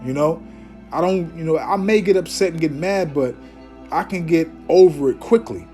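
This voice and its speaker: A man teaching scripture informally, emphatic and preachy, often tagging his sentences with "man" and "okay?", and slowing down to declaim Bible verses. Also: a little high, warm tone, faint music behind. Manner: reads Bible verses aloud in a slower, declaiming voice.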